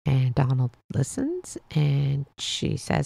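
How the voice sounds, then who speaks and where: A woman hosts her podcast and tells a story slowly and unhurriedly, drifting from point to point with fillers and restarts. Her voice is a little low and has a gravelly edge. The recording is close and dry, with no room sound. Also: big pitch swings, a little mellow, no room sound. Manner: meandering, with many fillers and restarts. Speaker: podcast host. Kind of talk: casual storytelling monologue.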